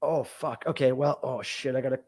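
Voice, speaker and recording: A man's voice: mid-range voice, steady tone, a little fast, darkish tone. A middle-aged man hosting a casual live stream, reading the chat aloud and talking loosely with plenty of swearing. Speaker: livestream host.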